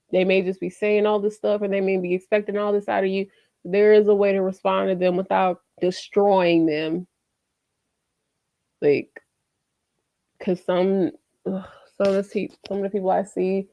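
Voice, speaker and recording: A woman's voice: mid-range voice, fairly even intonation, unhurried, pauses often, dry recording. Chatty woman on a dull lo-fi mic. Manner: candid and chatty, with slangy asides and frequent "you know". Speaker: vlogger giving life lessons. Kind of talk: casual talk to camera.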